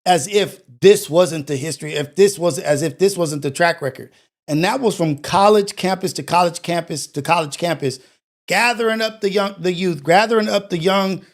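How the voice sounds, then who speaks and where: A man's voice: high-pitched, moderate pace. A man hosting a commentary show, talking emphatically in with rhetorical questions. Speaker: show host. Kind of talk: commentary on played clips.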